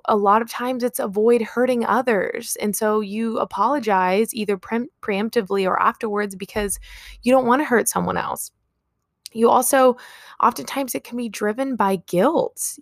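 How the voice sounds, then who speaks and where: A woman's voice: mid-range voice, gravelly, no echo, clean studio sound. A young woman hosting a solo podcast, talking earnestly and reflectively, acting out short everyday example quotes. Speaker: podcast host.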